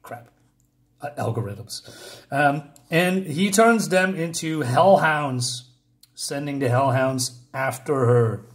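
A slightly high-voiced man talks through a comic issue in a loose, offhand way. He wanders into tangents, fills gaps with ums and uhs and chuckles at his own remarks. The delivery is casual and unscripted. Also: takes it slowly. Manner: rambling and digressive, with frequent fillers and chuckles. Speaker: comic book reviewer.

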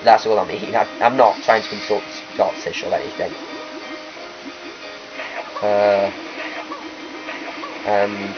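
Slow and steady in tone, pausing often, a man with a lowish voice talks through gameplay as host of a let's play. His commentary rambles chattily and keeps correcting itself, over faint game music in a lo-fi capture.

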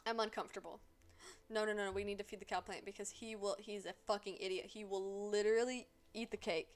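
A woman's voice: medium pitch, fairly even intonation, fast. A woman streamer chatting casually as she plays a life-sim game, sarcastic and swearing freely as she scolds the characters aloud.

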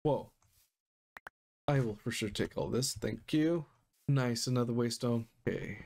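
A man's voice: mid-range voice, measured pace, darkish tone, a little hiss or hum. A young man commentating a game as he plays, easily startled, gasping and exclaiming often. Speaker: gaming YouTuber. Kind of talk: Minecraft let's play commentary. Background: game music.

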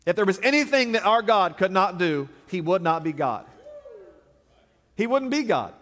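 Pastor, man, high voice, dramatic preacher who drops to a hush, live in a reverberant sanctuary. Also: very animated, normal speed. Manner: dramatic, swinging from loud declarations to hushed low lines. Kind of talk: sermon. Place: large church sanctuary. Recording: long reverb of a large sanctuary.

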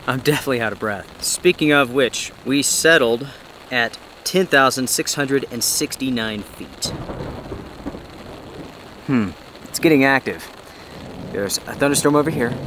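Man vlogging outdoors in heavy rain. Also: mid-range voice. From North Carolina. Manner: easygoing, chatty, addresses viewers directly. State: out of breath. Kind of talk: casual vlog narration to camera. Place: outdoors under a tarp in a rainy forest. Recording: outdoor camera mic with steady rain noise. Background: rain falling on a tarp.

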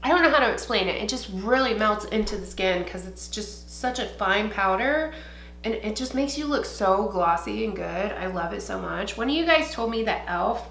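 Bright-voiced, profane, chatty young woman. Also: mid-range voice, expressive, moderate pace, gravelly, echoey room. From Ohio, USA. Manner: chatty, profane, rambling with many fillers. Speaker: beauty vlogger. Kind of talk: casual get-ready-with-me chat. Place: home, indoors.

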